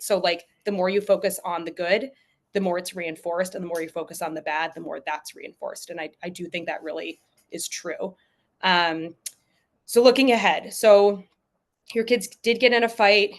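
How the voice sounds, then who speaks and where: A young adult woman giving casual parenting advice over a video call, chatty and full of "like" fillers, sometimes acting out what a parent would say. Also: medium pitch. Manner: chatty, frequent "like" fillers, acts out parent voices. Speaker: parenting expert speaker. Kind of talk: casual advice talk at a virtual event.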